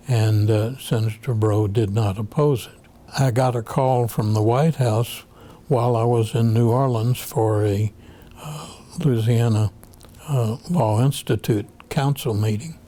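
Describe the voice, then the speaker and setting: Older male judge for an oral history, unhurried and pausing often, dark mellow tone. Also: fairly low pitch. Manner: measured, halting storytelling with frequent pauses. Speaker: federal appeals judge.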